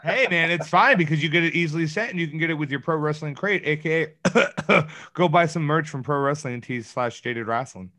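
A man co-hosting a podcast in casual chat, excitable and jokey, swearing freely. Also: fairly high pitch, a little fast. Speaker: podcast co-host.

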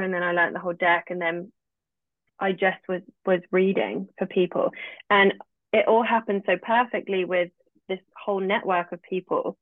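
A woman appears as a guest and casually tells her own story, chatting freely and often acting out what she said back then. Her voice is lowish, with no room sound, over a dry, tinny line that sounds like a phone.

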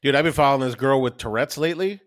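A man co-hosting a podcast in casual chat, excitable and swearing constantly. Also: medium pitch, rapid-fire, dry recording, clean studio sound. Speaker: podcast co-host.

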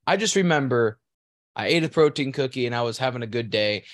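Brisk and animated, this podcast co-host speaks at medium pitch in a studio-quality recording with no echo. He drags out a crude story on the casual show, laughing and rambling throughout.

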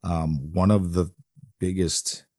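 A man co-hosting a podcast interview, calm and relaxed. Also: low voice, takes it slowly, dry recording, studio quality. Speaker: podcast co-host. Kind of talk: casual interview talk.

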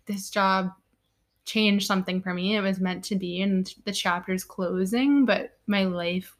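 Woman in her 20s chatting on a podcast, earnest and kinda emotional, normal pitch. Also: steady tone, measured pace. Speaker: podcast co-host. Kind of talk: casual chat.

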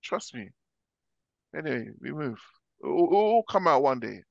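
A man's voice: fairly high pitch, creaky, no echo. Emphatic London man, dull dry sound. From West London, England. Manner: animated, emphatic, quick asides with many restarts. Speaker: podcast co-host. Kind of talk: casual chat.

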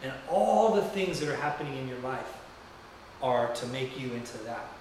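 A man's voice: mid-range voice, animated, normal speed, a little mellow, a little hiss or hum. A man preaching a sermon in a church, telling a story in a loose, conversational and rambling way. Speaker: pastor. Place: church sanctuary. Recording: very echoey room heard from a distance.

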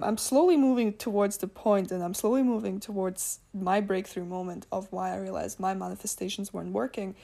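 A woman's voice: medium pitch, vocal fry, warm tone. A woman whose first language is not English, hosting a podcast and talking in a chatty, rambling way, laughing often and correcting herself. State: tired. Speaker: podcast host. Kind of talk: casual spiritual podcast monologue.

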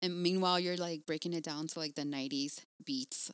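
A woman co-hosting a podcast about motherhood, chatting casually in an excitable, slangy way and swearing freely. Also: low-pitched, fairly quick, smooth, dry recording. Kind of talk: casual chat.

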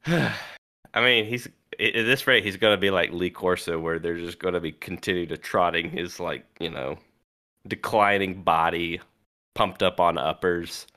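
A man's voice: deep voice, steady tone, unhurried, pushed and bright. A man co-hosting a casual sports talk show, speaking in a wry, offhand way. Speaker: podcast co-host.

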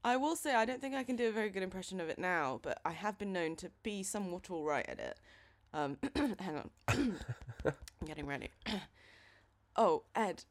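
A woman's voice: lowish voice, lively intonation, moderate pace. A young adult woman from England co-hosting a podcast in casual, rambling chat full of fillers. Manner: chatty, rambling with many fillers. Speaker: podcast co-host.

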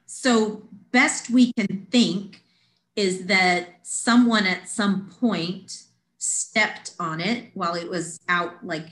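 Woman, casual storytelling, animated, mid pitch, roomy echo. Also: slow pace. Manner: animated, acts out quoted voices. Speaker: podcast guest.

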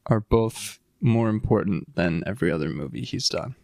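A man co-hosting a casual podcast, reading quotes aloud and chatting with dry, deadpan humor. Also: lowish voice, normal speed, gravelly, no echo. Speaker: podcast co-host.

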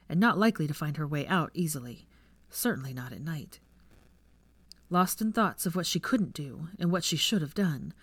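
A story reader with a mid-range voice and a steady, even delivery. The recording is dry and close, with no room echo around the voice. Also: medium pitch. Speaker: fan fiction reader. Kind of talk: reading a story aloud.

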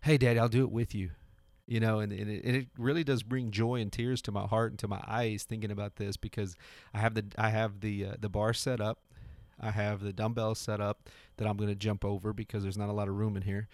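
A man in his thirties hosts a podcast from his home garage, delivering a casual, earnest motivational monologue. His voice is on the low side, level and a little mellow, and he talks briskly, repeating himself and restarting often. The recording has no room sound.

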